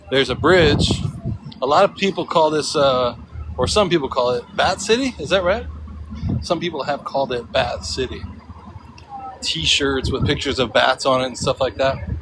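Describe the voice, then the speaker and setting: A man's voice: a little high, background noise. A man casually chatting to his viewers on a livestream while out in the city, thinking aloud as he goes. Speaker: livestream vlogger. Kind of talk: casual walking livestream chat. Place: outdoors on city streets, riding in a vehicle.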